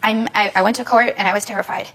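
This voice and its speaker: A woman's voice: mid-range voice, steady tone, fast talker, a bit bright, slight background noise, poor audio. A young adult woman telling her story as a talk show guest, pleading and emotional, recorded in a TV studio.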